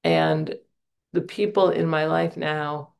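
A woman's voice: low voice, fairly even intonation, takes it slowly, creaky. A middle-aged woman giving a candid, earnest personal testimony at a recovery meeting, telling stories on herself with self-deprecating humor. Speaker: member sharing at a recovery meeting.

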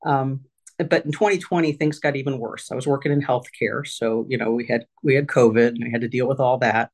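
A middle-aged woman giving a candid personal share at a recovery meeting from her office, halting with fillers and restarts. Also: extremely low pitch, darkish tone.

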